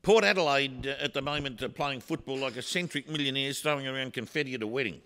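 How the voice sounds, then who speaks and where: A man's voice: mid-range voice, fast talker, a bit bright. A man with an Australian accent, co-hosting a sports talk show, rambling through confident footy predictions with plenty of fillers. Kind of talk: casual sports chat.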